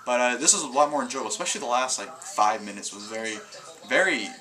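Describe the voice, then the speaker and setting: A man's voice: medium pitch, lively intonation, fast talker, pushed and bright, rough recording. A man giving a casual video review of a wrestling show, rambling through his recap with lots of fillers and restarts. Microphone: camera mic.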